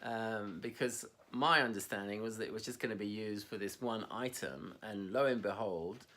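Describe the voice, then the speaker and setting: A man's voice: lowish voice, normal speed, bright, forceful tone. A man co-hosting a casual conversation, rambling and self-mocking, laughing often at himself. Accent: Scottish. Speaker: podcast co-host.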